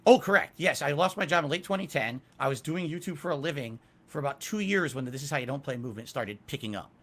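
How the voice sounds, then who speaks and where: A man's voice: fairly high pitch, expressive, quick pace. A middle-aged man answering interview questions candidly, emphatic and self-critical about his past. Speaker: interview guest.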